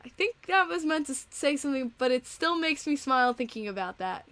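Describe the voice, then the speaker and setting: High-voiced chatty young woman host. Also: big pitch swings, brisk, fairly bright tone, no echo. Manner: chatty, laughs often, gets emotional. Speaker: podcast host reading donations. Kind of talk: casual live-stream chat.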